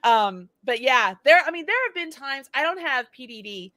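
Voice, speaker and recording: Woman co-host, bright and sharp, dry close sound, lively storytelling, frequent laughs. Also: high-pitched, normal speed, no room sound. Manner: animated storyteller who laughs often. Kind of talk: casual chat on a live stream.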